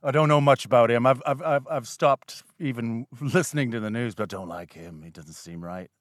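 Sweary, rambling comedian with a dry sound. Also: male voice, mid-range voice, a little fast, no room sound. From Canada. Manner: rambling, sweary, self-deprecating. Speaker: guest comedian. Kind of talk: casual podcast chat.

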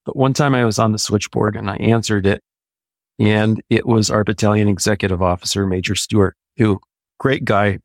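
An American man in his sixties, an Army veteran, telling stories from his service in a measured, anecdotal way. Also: lowish voice, gravelly, no echo. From United States. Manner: measured, anecdotal, with occasional restarts. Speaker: interview guest, Army veteran. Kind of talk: conversational storytelling.

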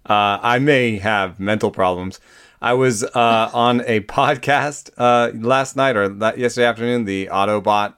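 A man's voice: mid-range voice, fairly bright tone, smooth. Rambling, laughing man in podcast chat. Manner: laughing, rambling, self-mocking. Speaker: podcast co-host. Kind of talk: casual chat.

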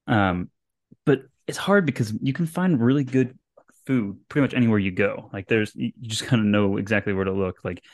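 Easygoing low-voiced man co-hosting. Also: brisk, a little mellow, no room sound, studio quality. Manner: easygoing, hesitant, full of fillers and restarts. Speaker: podcast co-host. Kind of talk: casual podcast chat.

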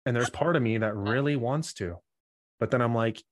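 A man's voice: medium pitch, moderate pace, dry recording, studio quality. A man speaking as a podcast guest, reflective and spiritual, swearing casually in conversation.

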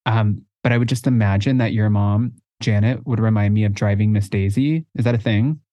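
A man's voice: fairly low pitch, fairly quick, warm tone, dry recording, muffled recording. A man co-hosting a podcast, chatting casually and playfully and laughing often. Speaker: podcast co-host. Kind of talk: casual chat.

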